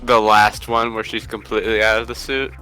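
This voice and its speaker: A man's voice: on the low side, flat delivery, fairly quick, bright, forceful tone, soft background music, poor audio. A man chatting casually over a game stream, explaining game details and laughing often. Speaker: stream co-commentator. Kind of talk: casual chat over gameplay.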